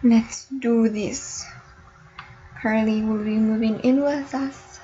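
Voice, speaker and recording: A woman's voice: a little high, steady tone, takes it slowly, dark tone, a little hiss or hum. A young woman casually commenting on a life-sim game she is playing, chatty and playfully voicing the characters. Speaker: gameplay vlogger. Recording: dull lo-fi home recording.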